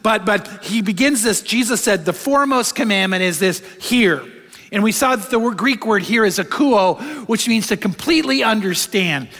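Middle-aged male pastor, conversational sermon, high voice, echoing sanctuary. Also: moderate pace. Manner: conversational, animated storytelling, drops soft for emotional moments. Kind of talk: sermon with personal storytelling. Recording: long hall reverb.

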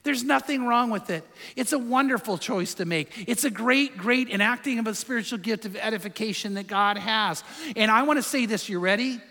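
A man's voice: high voice, normal speed, sharp tone, in a large hall. A man preaching a sermon in a conversational, emphatic way, asking his listeners rhetorical questions. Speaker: pastor.

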